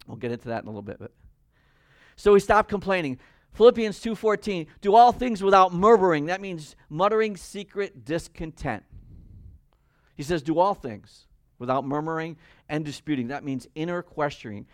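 A man preaching a sermon, emphatic and rising loud when he reads scripture. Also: high voice, brisk, clear, resonant tone, no room sound, clean studio sound. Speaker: pastor.

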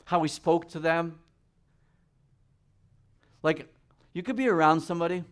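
Middle-aged male pastor, slightly higher voice, animated preaching delivery. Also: measured pace, smooth. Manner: animated preaching, acting out voices and reading scripture aloud. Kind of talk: sermon.

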